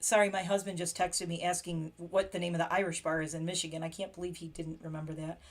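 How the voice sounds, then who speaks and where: This livestream host, an American woman, talks fast in a fairly low voice with a flat delivery. The late-night stream is casual and chatty, and she laughs often while reading short practice phrases.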